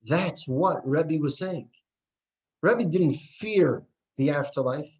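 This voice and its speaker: A man's voice: fairly high pitch, slow. A man teaching a class on Jewish texts, reading passages aloud and explaining them earnestly. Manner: earnest, animated, reads and paraphrases text aloud. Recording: dull lo-fi recording.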